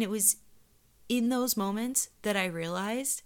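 A woman's voice: mid-range voice, normal speed. Candid, profane woman telling a story. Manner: candid and profane, dropping into whispers for quoted lines. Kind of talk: casual chat, personal storytelling.

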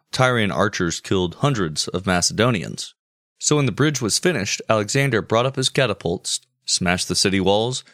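A man's voice: lowish voice, a bit bright, no echo, studio quality. A man telling history in a comic podcast, wry and crude. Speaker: podcast host. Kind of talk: comedic history narration.

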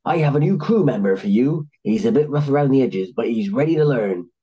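A man's voice: medium pitch, sing-song, unhurried, darkish tone, breathy edge, voice pushed up. A man voicing a stern, formidable middle-aged mother who snarls orders. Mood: brisk.

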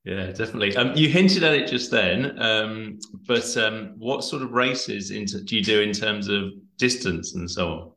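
A man's voice: fairly low pitch, animated, moderate pace, hardly any pauses, pushed and bright, echoey room. A man hosting an interview, asking questions hesitantly, repeating words and laughing easily. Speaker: podcast host. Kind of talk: casual interview talk.

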